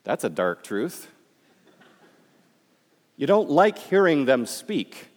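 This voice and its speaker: Speaking slowly in a Midwestern American accent, a man from Michigan gives a talk, joking and chatting directly with the audience. His pitch swings widely and stays animated, and his voice rings with the long reverb of a large hall.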